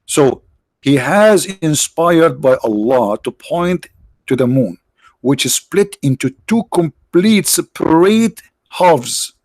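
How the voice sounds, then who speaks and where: A man's voice: on the high side, lively intonation, slow, darkish tone, no room sound. A man hosting a livestream, giving mocking, sarcastic religious debate commentary in broken English. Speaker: livestream host.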